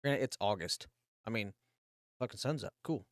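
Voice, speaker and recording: A man's voice: fairly low pitch, expressive, normal speed, no echo, clean studio sound. A man in his thirties, a podcast co-host, telling a long personal story in a rambling, casual way, swearing freely and restarting his sentences often.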